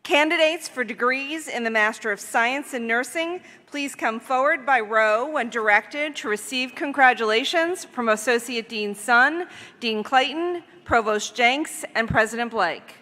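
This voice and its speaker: Bright female dean announcing graduates in a measured voice, hall reverb. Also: fairly high pitch. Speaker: dean calling graduates' names. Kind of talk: formal name calling. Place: large hall.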